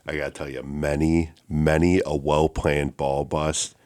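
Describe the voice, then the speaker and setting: A man hosting a casual podcast, talking in a relaxed, loose way with casual swearing. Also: a bass voice, a little slow. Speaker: podcast host. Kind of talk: casual chat.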